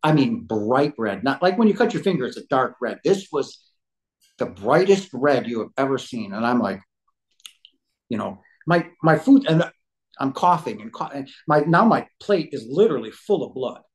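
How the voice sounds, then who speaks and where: A man's voice: medium pitch, sing-song, normal speed, rough recording. A man in his fifties, a podcast guest telling a personal story at home, rambling and often saying "you know". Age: 50s. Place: living room couch at home.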